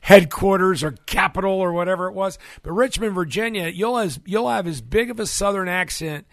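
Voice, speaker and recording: A middle-aged man hosting sports talk radio, rambling and joking loudly at a studio mic. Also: high-pitched, fairly quick, vocal fry, dry recording. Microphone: studio microphone.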